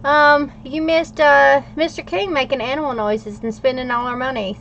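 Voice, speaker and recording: A woman's voice: high voice, fairly even intonation, moderate pace, few pauses, fairly bright tone, a little hiss or hum. Middle-aged woman, livestream host, chatty and playful, reading viewer comments aloud, slightly dull lo-fi sound. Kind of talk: casual livestream chat while journaling.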